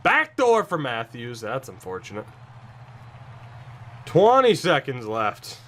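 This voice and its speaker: A man giving casual commentary over his own video game match, tired and sarcastic, breaking into sudden excited outbursts. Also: medium pitch, slow. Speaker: gaming YouTuber.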